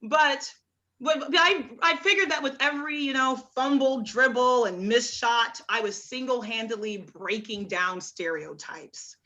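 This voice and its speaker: A young woman from Oklahoma performing a stand-up comedy set on a club stage, with a halting delivery full of restarts and dry punchlines. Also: a little high, sharp tone, muffled recording.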